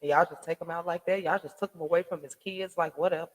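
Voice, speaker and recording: A man's voice: high-pitched, normal speed, long pauses. A man hosting a casual commentary vlog, ranting emphatically with slangy, profane talk, rhetorical questions and stammering restarts. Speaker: online commentary host. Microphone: home desk mic with soundboard.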